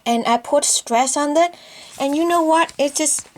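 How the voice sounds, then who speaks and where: Vietnamese lady learning english, kinda high voice, slow and careful, asks lots of questions. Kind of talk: casual lesson chat.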